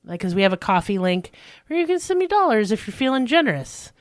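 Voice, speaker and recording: A woman's voice: medium pitch, sing-song, fast talker, no room sound. A woman with a Southern drawl co-hosts a podcast in loose, casual chat. She jokes crudely and pokes fun at herself. The mic is close and dry, with no room sound. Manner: joking, crude, self-deprecating. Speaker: podcast co-host.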